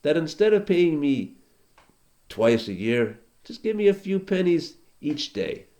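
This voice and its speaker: A man's voice: a little high, sing-song, measured pace, warm tone. Man doing a cheerful, chatty poor handyman. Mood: earnest. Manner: upbeat, chatty, Yiddish-flavored words. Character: cheerful poor male handyman, always happy.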